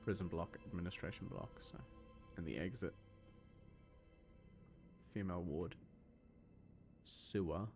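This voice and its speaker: A man's voice: sits low, a little slow, long pauses, darkish tone, soft background music. A young man from Scotland giving loose, rambling gameplay commentary and answering chat questions, with plenty of ums and restarts. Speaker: gaming video host.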